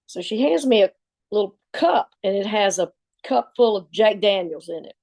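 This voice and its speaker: A woman with a drawl tells an old story in a lively way. She jumps into other people's voices as she quotes them, and her own pitch sits in the middle. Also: normal speed. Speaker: former assistant coach. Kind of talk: storytelling anecdote.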